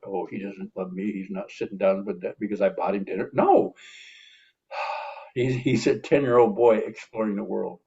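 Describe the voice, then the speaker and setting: Earnest middle-aged male speaker, husky and low, reflective monologue on recovery. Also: lo-fi sound. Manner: earnest, self-reflective, with frequent restarts and sighs. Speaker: recovery and personal growth speaker.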